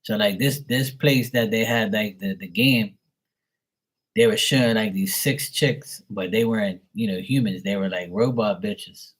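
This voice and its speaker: A man's voice: on the low side, measured pace, breathy edge. A man hosting a live stream, telling jokey stories in casual, profane chat and laughing often. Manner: profane, joking storyteller who laughs often. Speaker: livestream host.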